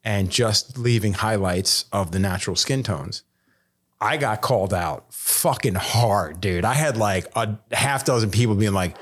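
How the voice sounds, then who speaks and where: Profane, animated tattoo-artist guest. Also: male voice, on the low side, measured pace, slightly rough. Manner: swears a lot, animated when retelling others. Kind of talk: casual podcast chat.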